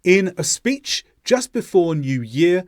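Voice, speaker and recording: A man teaching English pronunciation in a clear, deliberate explaining voice-over. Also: high voice, big pitch swings.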